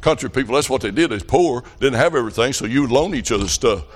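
A man's voice: mid-range voice, expressive, fast talker, breathy edge. A man preaching a revival sermon, telling folksy country stories with fervent emphasis. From rural farm upbringing.

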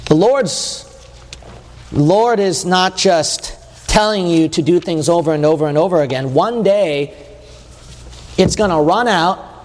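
A high-voiced man delivers a sermon, each phrase followed by a long reverb tail. His manner is emphatic yet conversational, driving points home by repeating them, and the sound fills the space like a church sanctuary.

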